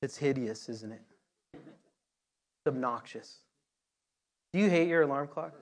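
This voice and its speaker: A man's voice: fairly high pitch, expressive, quick pace. A man preaching a conversational sermon, repeating words and building to emphatic peaks. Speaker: pastor.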